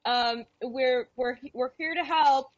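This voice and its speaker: An earnest young cleric woman, voiced by a woman player, speaks in a soft and coaxing way, lifting her voice a little as she reassures. She sounds careful and kind. The mic is dull and lo-fi. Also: high voice, takes it slowly, no echo, pitched above the performer's own voice. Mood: gentle coaxing.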